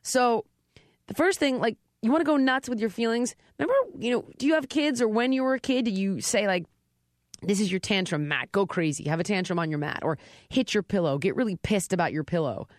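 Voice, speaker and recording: A woman's voice: medium pitch, lively intonation, a little fast, no echo, studio quality. A middle-aged woman talking casually and animatedly, acting out quoted lines with big swings in her voice. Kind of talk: casual conversation.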